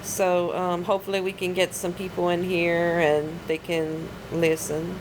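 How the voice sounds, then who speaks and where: A woman's voice: on the low side, monotone, a little slow. Female livestream host, rambling and casual, faint background noise. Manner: rambling, with filler words.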